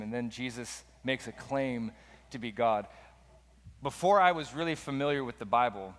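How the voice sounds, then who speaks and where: Man, sermon, casual storytelling, mid pitch, long hall reverb. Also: moderate pace, a bit bright. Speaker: preacher.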